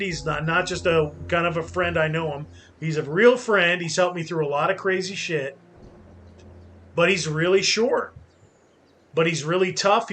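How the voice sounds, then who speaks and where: A man's voice: a little high, pushed and bright. A man hosting a gaming channel, talking casually and philosophically in rambling anecdotes over gameplay.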